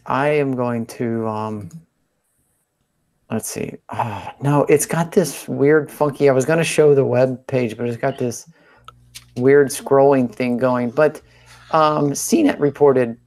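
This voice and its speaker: A man co-hosting a podcast, presenting a news story in relaxed, casual chat with fillers. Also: medium pitch. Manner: relaxed, easygoing, many fillers. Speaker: podcast co-host.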